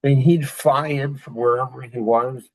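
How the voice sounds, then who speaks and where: A podcast host telling a personal story in a reflective, halting way, with pauses and restarts. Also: male voice, medium pitch, fairly even intonation, poor audio.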